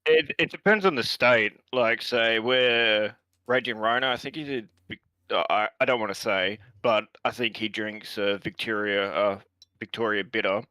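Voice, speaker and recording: Aussie dude on a voice call, lowish bright voice, dry sound, rambles with lots of uhs. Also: male voice, moderate pace, clean tone, dry recording. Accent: Australian. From Australia. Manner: relaxed, rambling, hesitant with many fillers. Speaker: guest on a stream. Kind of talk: casual gaming chat. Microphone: voice chat call.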